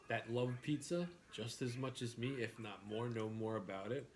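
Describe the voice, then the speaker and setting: A man's voice: mid-range voice, slight background noise. A man from New York, a food vlogger, chatting casually over a meal and musing his way through thoughts with trailing restarts. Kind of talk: casual chat while eating.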